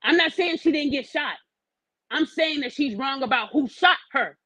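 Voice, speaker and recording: A woman hosting a podcast launches into an opinionated rant, blunt and profane, firing pointed questions that challenge her listeners. Her voice sits high, animated and fairly bright, at normal speed. The audio is poor, with no room sound.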